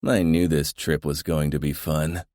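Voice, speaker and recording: A man's voice: very deep voice, level tone, a little slow, a little mellow, no room sound. A man voicing a young mafia consigliere who speaks with dry, gleeful menace. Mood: menacing. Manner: dry, menacing, mock-regretful.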